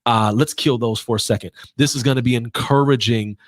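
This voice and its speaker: A man hosting a live podcast stream, energetic and repetitive as he calls out to viewers. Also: mid-range voice, fairly quick, no room sound. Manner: exuberant, repeats himself, calls out to viewers. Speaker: podcast host.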